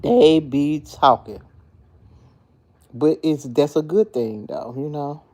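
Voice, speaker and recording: A woman's voice: sits low, takes it slowly. A woman hosting a casual livestream, talking freely and playfully with her viewers and answering their comments by name. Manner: talkative, animated, playful. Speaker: livestream host chatting with viewers.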